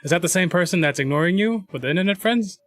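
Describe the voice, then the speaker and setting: A man's voice: high-pitched, animated, quick pace, a bit bright, no room sound. A man co-hosting a casual advice livestream, reading questions and giving earnest, rambling advice.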